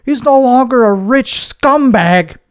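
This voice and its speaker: A sneering, mocking figure, put on by a man, talks in a high, put-on accent. The voice sounds pitched well above his everyday speech and set apart from it in timbre. The tone is scornful. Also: lively intonation, slow, clear, resonant tone, exaggerated voice. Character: mocking voice of people who now like him.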